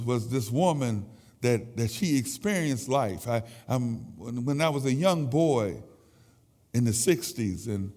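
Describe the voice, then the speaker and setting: A man in his sixties giving an emotional, halting sermon testimony in a church sanctuary. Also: medium pitch, darkish tone. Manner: emotional, halting with repeated words. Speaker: church speaker. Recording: echoey church hall.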